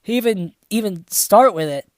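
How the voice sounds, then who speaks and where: A young woman in her twenties reads a story aloud for comedy, stopping often to mock it with sarcastic, swear-filled asides. Her voice sits at an ordinary middle pitch. The recording is close and dry, with no room sound. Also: lively intonation, measured pace, darkish tone, dry recording. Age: 20s. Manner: sarcastic, swears freely, breaks into laughter. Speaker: reviewer reading fan fiction aloud. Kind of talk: dramatic comedic reading with commentary.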